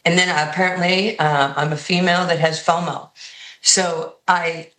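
Woman, New York accent, basketball coach, animated storyteller, bright forceful voice, roomy sound. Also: on the low side, normal speed. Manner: animated storyteller who acts out quoted voices. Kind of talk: radio and TV interview guest, storytelling.

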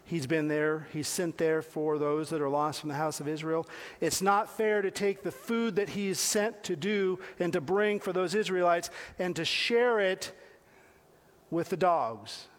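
A man's voice: on the high side, unhurried. A man giving a conversational sermon, talking directly to his listeners with questions and repeated phrases. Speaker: preacher.

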